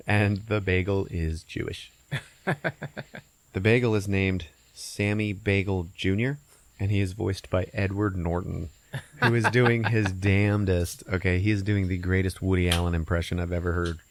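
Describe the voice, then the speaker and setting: A man hosting a podcast, casually recapping a movie with an animated, profane delivery and frequent laughs. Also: sits low, measured pace. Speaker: podcast host.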